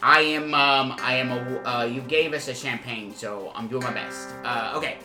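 A man hosting an improvised comedy podcast, rambling and halting with many fillers before turning suddenly emphatic. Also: medium pitch, echoey room, over music. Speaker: podcast host.

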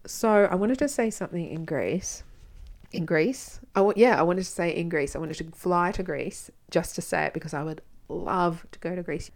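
Aussie woman podcasting solo, low-ish voice, bit of vocal fry, chatty and blunt. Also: normal speed. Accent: Australian. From Australia. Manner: chatty, frank, swears freely. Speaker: podcast host. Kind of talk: casual solo podcast talk.

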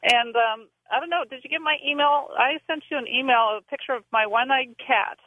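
A woman from Southern California calling a radio show, excited and nervous as she talks. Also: high-pitched, fairly quick, a little hiss or hum. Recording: tinny phone line.

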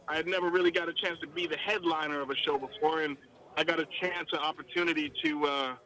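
A man telling stories as a country singer guest in a casual podcast chat, excitable and slangy with lots of restarts. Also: fairly high pitch, fast, rough recording.

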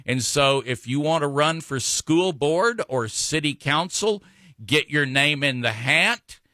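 A man's voice: fairly high pitch, expressive, slow pace, bright, forceful tone, dry recording, clean studio sound. A man hosting a local talk radio show, rambling with many fillers and self-corrections.

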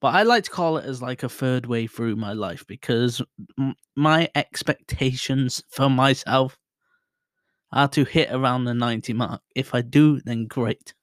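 A man's voice: mid-range voice, a little slow, no echo, studio quality. Rambling man in his thirties podcasting. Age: 30s. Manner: rambling, self-deprecating, bursts of loud excitement. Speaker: podcast host. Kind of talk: casual solo podcast chat. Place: home room, alone. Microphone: desk mic set to far mode, about a foot away.

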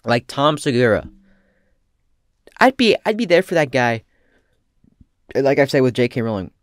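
Swearing vlogger guy rambling, deadpan jokes, lively pitch, dead dry room. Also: moderate pace, dry recording. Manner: rambling, profane, deadpan asides. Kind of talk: casual comedic commentary.

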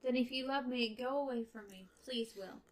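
A woman giving a torn young woman, soft and pleading, a bit high, read from a book. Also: normal speed, natural voice. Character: young woman torn between love and duty. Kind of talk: reading a novel aloud.

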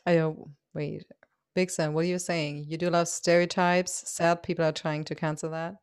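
A woman hosts a podcast, asking questions in a hesitant, musing way and pausing on fillers. Her voice sits low for a woman and sounds dry and close to the mic. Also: little pitch movement, smooth, no room sound. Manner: hesitant, thoughtful, many fillers. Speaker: podcast host. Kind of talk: casual podcast interview.

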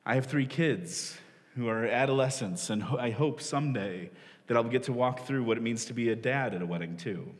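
A pastor in his forties preaches a loose, conversational sermon, self-deprecating and often laughing at himself, with frequent restarts. His mid-range male voice is fairly quick, picked up by a stage microphone in a church hall with the long reverb of a large hall.

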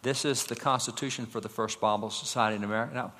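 Man, public speaker, slide-show lecture, middle pitch, storytelling, rhetorical questions, long hall reverb. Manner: lively storytelling, rhetorical questions, quick name lists.

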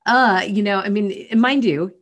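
A woman's voice: mid-range voice, measured pace. A woman co-hosting a podcast in casual chat, earnest and rambling, with many fillers. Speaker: podcast co-host.

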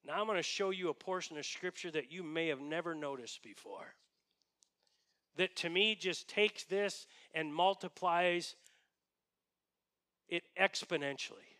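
A male pastor preaching a sermon in a conversational, storytelling manner that sometimes drops to hushed tones. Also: a little high, unhurried, pauses often.

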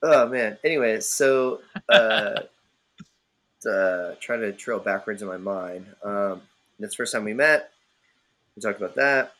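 A man's voice: on the low side, slow pace, pauses often, bright, forceful tone, slight background noise, rough recording. A man hosting a podcast, chatting casually with an old friend in a rambling, jokey way and swearing freely. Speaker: podcast host. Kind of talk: casual chat among friends.

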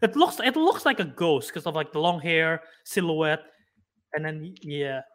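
A young man co-hosting a podcast, rambling as he retells scenes and tosses in quick acted-out quotes. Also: on the high side, animated, a bit bright. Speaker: podcast co-host. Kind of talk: casual chat.

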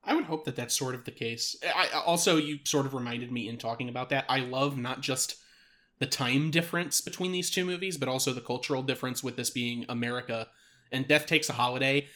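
A man's voice: mid-range voice, a little fast, pushed and bright. A man co-hosting a podcast, chatting casually about films, stammering a little and laughing easily. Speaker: podcast co-host. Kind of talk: casual film discussion.

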